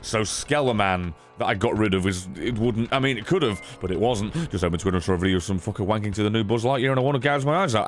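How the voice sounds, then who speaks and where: A man streaming a card game, giving casual commentary, swearing often and breaking into sudden high squeals. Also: quick pace, few pauses, faint music behind.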